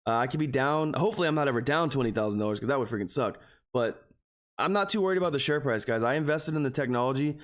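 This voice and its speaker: A man hosts a live stock-trading stream and chats straight to his viewers. He rambles in an earnest, openly emotional way and keeps calling them "guys". His voice sits at an ordinary middle pitch. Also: animated, fast. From Texas. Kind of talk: casual live stream chat.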